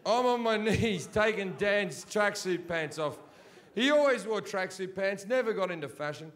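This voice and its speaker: Brash Australian man with a high voice. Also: moderate pace, slight background noise. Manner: brash, crude, deadpan storytelling. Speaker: stand-up comedian. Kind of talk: live stand-up storytelling.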